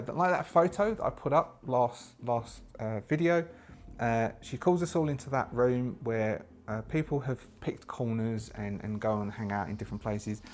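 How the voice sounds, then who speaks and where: A man narrating a solo tabletop role-playing session, thinking aloud with hesitant pauses and restarts as he works through the rules. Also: mid-range voice, a little mellow, a little hiss or hum. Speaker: solo game player and narrator.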